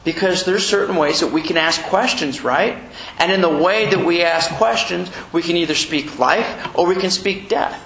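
A man preaching a sermon in a church, animated and chuckling as he acts out little quotes. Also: high voice, moderate pace, creaky, few pauses. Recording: echoey room with faint noise.

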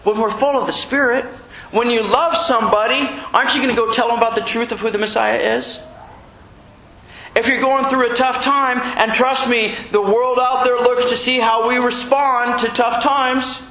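A man's voice: very high voice, fairly even intonation, normal speed, pushed and bright. A man preaching as the rabbi of a Messianic congregation, conversational and joking, acting out little exchanges with his listeners. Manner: conversational preaching with jokes, asides and acted quotes. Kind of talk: sermon. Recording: echoey room with faint noise.

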